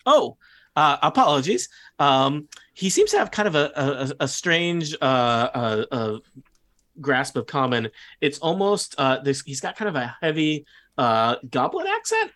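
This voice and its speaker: A man's voice: medium pitch, sing-song, unhurried, a bit bright. A man narrating as game master of a tabletop game, hesitant and full of fillers. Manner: hesitant, many fillers and restarts.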